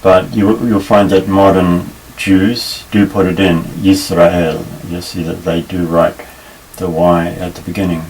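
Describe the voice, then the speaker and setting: A very deep-voiced man talks slowly through a Hebrew language lesson, pausing and restarting as he explains. He sits a little back from the microphone. A faint hiss of room noise runs under his voice. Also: little pitch movement, darkish tone, distant mic, low-quality recording. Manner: unhurried, halting, with frequent fillers and restarts. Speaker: Hebrew teacher.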